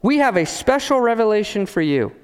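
A man shouting as pushy thieves in a sermon. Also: high-pitched, very animated, fairly quick, clean tone, big-room sound, pitched above the performer's own voice. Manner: shouting, obnoxious. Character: false teachers shouting, loud and pushy.

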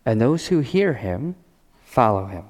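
A man pastor preaching a sermon as a storyteller, swinging from loud passages to hushed ones. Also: medium pitch, very animated, unhurried, big-room sound.

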